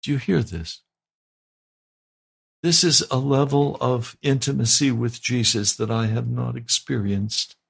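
Male pastor, sermon delivery, gravelly and fervent, emphatic repetition. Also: medium pitch, fairly even intonation, a little slow, a bit bright. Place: broadcast sermon.

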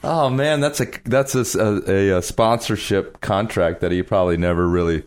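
A man hosting a podcast, chatting casually and joking with his guest. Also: deep voice. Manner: quick, joking, laughs along. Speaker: podcast host. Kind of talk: casual chat.

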